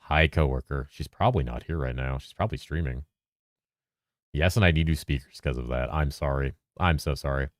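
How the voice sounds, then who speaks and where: The audio is dry and studio quality as a man with a very deep voice hangs out on a game stream, voicing chat messages and responding with casual cursing. He talks fast to keep pace with chat, sometimes using a lively presenter inflection and sometimes dropping to a flatter low voice.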